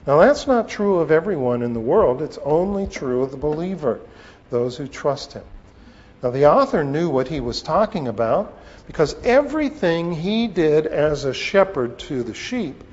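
A man teaching a sermon on scripture, with a slow, deliberate delivery and pauses. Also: a little high, lively intonation, a little mellow. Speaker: preacher. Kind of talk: expository Bible teaching. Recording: long reverb, dull lo-fi sound.

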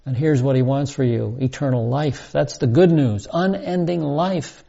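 Man, sermon teacher, emphatic verse-by-verse style, dark mellow tone, lo-fi recording. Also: mid-range voice, gravelly. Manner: deliberate, emphatic verse-by-verse explaining. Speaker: Bible teacher. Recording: dull lo-fi sound.

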